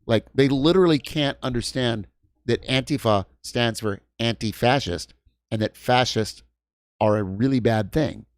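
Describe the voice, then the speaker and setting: A man in his fifties hosts a livestream from his New York home, ranting heatedly in casual stream chat with plenty of swearing and stumbling restarts. His mid-range voice runs a little slow, captured in clean studio sound with no room noise.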